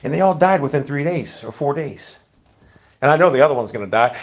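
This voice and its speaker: A middle-aged man talking in a casual, rambling monologue, blunt and full of swearing, often sinking to a low mutter. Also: lively intonation, fast. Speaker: vlogger.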